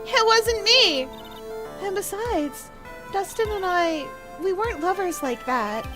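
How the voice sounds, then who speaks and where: A woman's voice: very high-pitched, expressive, slow pace, music in the background, pitched above the performer's own voice, exaggerated voice. A woman voicing a flustered young woman defendant. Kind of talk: video game voice-acting.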